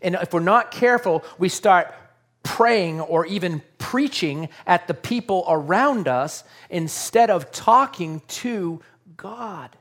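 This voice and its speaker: A man's voice: high voice, expressive, slow pace, a bit bright. A man preaching a sermon to his congregation in an earnest, conversational way, often asking rhetorical questions. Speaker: pastor.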